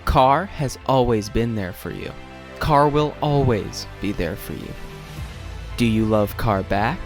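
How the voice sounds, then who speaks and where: A man voicing a dim, caveman-like car ad announcer who speaks in slow, broken phrases. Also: mid-range voice, lively intonation, soft background music. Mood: clingy.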